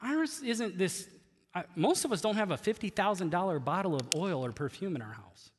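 A pastor preaching a sermon in a conversational, animated way, laughing now and then as he teaches. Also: high voice, moderate pace, big-room sound, a little hiss or hum.

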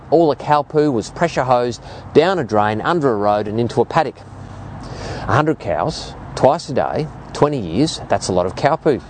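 Animated Australian preacher man in his fifties. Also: slight background noise. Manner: animated storytelling preacher, lively rises and drops in pitch. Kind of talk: sermon.

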